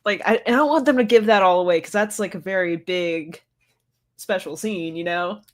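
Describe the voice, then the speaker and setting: A woman's voice: on the low side, normal speed. A woman co-hosting a casual podcast, chatting with many filler words. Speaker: podcast co-host. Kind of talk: casual chat.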